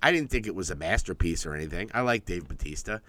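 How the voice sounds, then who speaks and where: A man's voice: deep voice, animated, quick pace, bright, forceful tone, no echo. A man co-hosting a podcast in casual chat, joking around and swearing. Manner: joking, profane. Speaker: podcast co-host.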